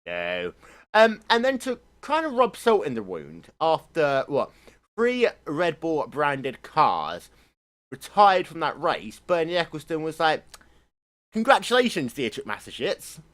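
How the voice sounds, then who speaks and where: A man's voice: a little high, wildly swooping pitch, slow, fairly bright tone. A man co-hosting a casual motorsport chat, rambling and opinionated, swearing freely. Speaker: motorsport show co-host.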